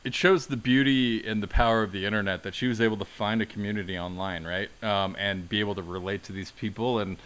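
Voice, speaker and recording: A man's voice: fairly low pitch, fairly even intonation, quick pace, few pauses, fairly bright tone, smooth. A man hosting a casual film podcast, summarizing in an easygoing way with many fillers. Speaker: podcast host.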